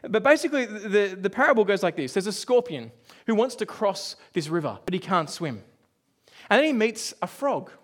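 High-voiced man preaching conversationally. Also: big pitch swings. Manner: conversational storytelling with asides and quick dips to a hush. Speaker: pastor. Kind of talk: sermon.

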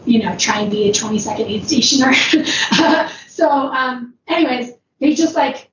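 A woman's voice: high-pitched, fairly even intonation, moderate pace. A woman telling a long personal story in a casual, rambling way, with lots of fillers and frequent laughs. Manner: rambling, many "like"s, laughs often. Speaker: ultrarunner guest. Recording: roomy, distant, dull, noisy background.

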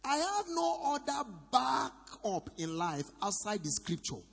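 Nigerian male preacher, high bright husky voice, long hall reverb. Shouted call-and-response sermon. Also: sing-song, unhurried. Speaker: pastor. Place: church hall.

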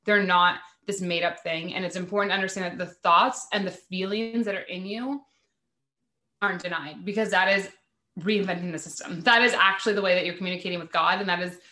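A woman's voice: on the low side, fairly even intonation, brisk, bright, forceful tone, reverberant. A woman hosting a spiritual podcast, chatting casually and rambling with many "like" fillers. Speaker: podcast host.

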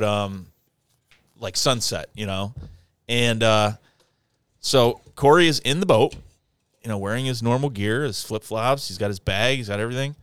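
Male podcast co-host, smooth, dry-sounding storyteller who swears a lot. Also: mid-range voice, no room sound. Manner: animated storyteller, swearing, acting out a friend's angry yelling in a raised voice. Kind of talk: casual storytelling chat.

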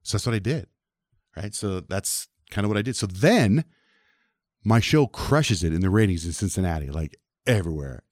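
Man in his fifties, deep voice, rapid animated storyteller, dry close sound. Southwestern US. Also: no echo. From southwestern United States. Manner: animated, acts out quoted voices. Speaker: interview guest, radio personality. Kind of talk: conversational storytelling.

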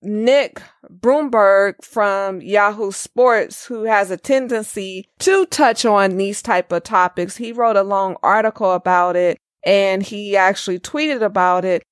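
A woman's voice: mid-range voice, unhurried, few pauses, dry recording, studio quality. A woman co-hosting a casual racing podcast, chatting and reading listener comments aloud. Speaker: podcast co-host.

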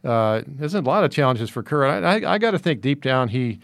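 A man's voice: medium pitch, sing-song, brisk, gravelly, a bit bright, no room sound, studio quality. A man talking through basketball analysis in casual discussion, rambling with many fillers and restarts.

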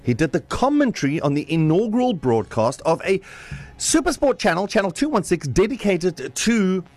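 A man hosting a breakfast radio show, bantering excitedly and hyping up his co-host. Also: sits high, moderate pace, dry recording.

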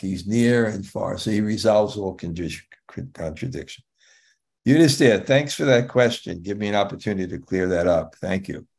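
A man's voice: on the low side, creaky. Older male teacher chatting on a call. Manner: warm, rambling, with many restarts and "you know". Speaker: spiritual teacher answering students. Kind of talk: casual talk with students after a class.

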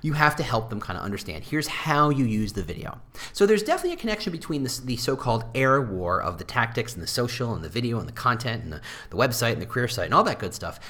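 A man talks shop in a loose, riffing monologue. His pitch swings widely, with sudden jumps up into mocking voices for quoted lines. Between those jumps he drops into dry, self-deprecating asides. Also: fast talker. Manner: animated, jumps into high mock voices for quotes. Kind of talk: casual monologue on employer branding.

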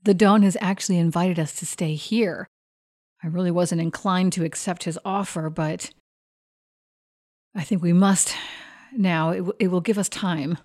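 A woman's voice: fairly even intonation, moderate pace, pauses often, darkish tone, natural voice. A woman voicing Tira, a resolute adventurer. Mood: earnest. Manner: earnest, lowered and careful.

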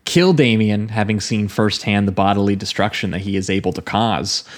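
Low-voiced man, rambling film talk. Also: normal speed. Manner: rambling and conversational, with many fillers and restarts. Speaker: podcast co-host. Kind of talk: casual film discussion.

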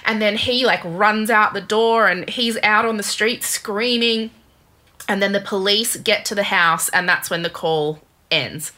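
A woman casually telling a true crime story to her co-host, chatty and animated, with lots of fillers. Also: mid-range voice, unhurried.

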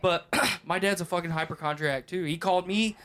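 Swearing thirty-something guy on a podcast, bright kinda high voice, rambly, faint hiss behind. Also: a little fast. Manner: profane, rambling, laughs often. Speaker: podcast co-host. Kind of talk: casual podcast banter.

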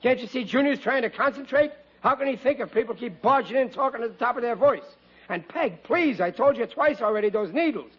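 A man's voice: extremely high pitch, lively intonation, fairly quick, husky, exaggerated voice. An actor playing a blustering, bumbling working-class father in a 1940s radio comedy, stammering when flustered, on a lo-fi old broadcast.

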